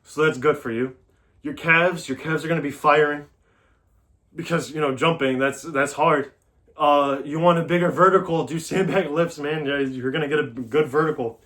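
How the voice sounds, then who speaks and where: A man's voice: a little high, steady tone, normal speed, fairly bright tone. Casual man coaching a workout. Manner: loose, talky coaching with fillers. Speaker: fitness vlogger.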